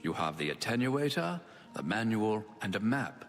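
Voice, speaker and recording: A condescending, sardonic servant, speaking low with lively shifts of pitch. His voice carries a long reverb in the game audio, with soft music underneath. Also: normal speed. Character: dry, sarcastic male servant of a mad god. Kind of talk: video game voice acting.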